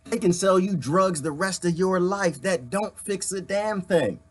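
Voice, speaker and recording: Fired-up husky man ranting on a live stream. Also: sits high, unhurried. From United States. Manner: fired-up and preachy, addresses viewers directly. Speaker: live-stream host reading viewer comments. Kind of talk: impassioned live-stream commentary.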